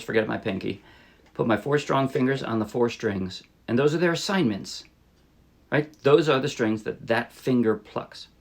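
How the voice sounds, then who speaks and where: A man teaching a ukulele song in a relaxed, casual way, thinking aloud and correcting himself as he plays. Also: mid-range voice, creaky. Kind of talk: casual instructional talk. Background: ukulele playing.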